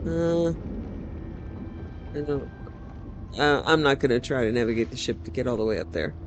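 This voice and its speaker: A man's voice: medium pitch, moderate pace, slight background noise. A man giving casual, wry commentary while playing a video game and poking fun at its voice acting. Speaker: game streamer.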